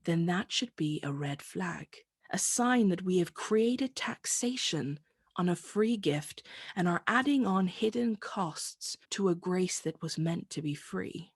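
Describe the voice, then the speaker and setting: A woman preaching a sermon in a measured, reflective way, asking rhetorical questions. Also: lowish voice, expressive, husky, no echo, studio quality.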